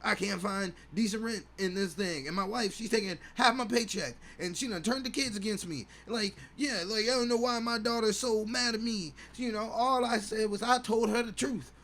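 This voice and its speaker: A man's voice: high voice, moderate pace, few pauses, a bit bright, voice pushed up. Man putting on a whiny bitter divorced dad. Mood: aggrieved whining. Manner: aggrieved self-pitying rant.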